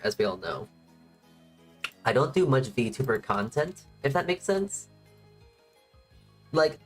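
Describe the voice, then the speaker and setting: Woman, low voice, rambling casual streamer chat, soft music bed underneath. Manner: rambling, restarts sentences. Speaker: VTuber streamer. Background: faint background music.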